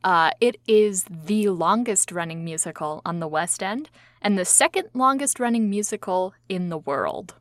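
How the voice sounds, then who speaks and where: A woman co-hosting a casual comedic podcast, wry and sarcastic, with deadpan asides. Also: lowish voice, moderate pace, no echo. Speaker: podcast co-host.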